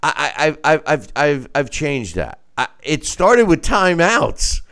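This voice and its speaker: A middle-aged man hosting a casual talk show, his pitch sitting a little high and swinging widely as he talks. He jumps into mock voices to act out other people. His voice comes through smooth and resonant. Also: a little slow. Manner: animated, acts out quoted voices in mock falsetto.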